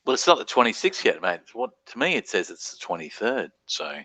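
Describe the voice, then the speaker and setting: A man's voice: lowish voice, sing-song, brisk, bright, forceful tone, breathy edge, no echo. A middle-aged Australian man hosting a casual late-night stream, rambling, swearing freely and laughing often. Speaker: livestream host.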